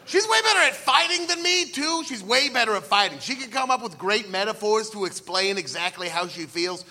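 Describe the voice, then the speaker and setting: A stand-up comedian with a strikingly high voice, ranting in a self-deprecating way that keeps climbing toward excited shouts. His tone is very bright and tense, cutting through a live radio show. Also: fairly quick.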